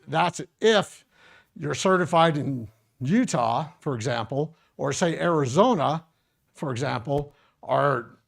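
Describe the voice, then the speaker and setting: A middle-aged man with a gravelly, fry-laden voice runs a first aid workshop for a live audience. He keeps it casual and joking, and keeps turning to talk straight to the people in front of him. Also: mid-range voice.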